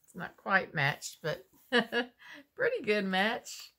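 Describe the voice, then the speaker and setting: A woman's voice: mid-range voice, wildly swooping pitch, sharp tone. A woman, chatting casually as she unboxes homemade soap and muses aloud. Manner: slow, chatty, musing aloud.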